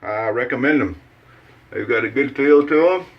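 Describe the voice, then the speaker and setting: A man's voice: medium pitch, moderate pace, lo-fi sound. Folksy man chatting while he shaves. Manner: folksy, rambling, many fillers and restarts. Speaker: shaving channel host. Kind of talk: casual how-to chat while shaving.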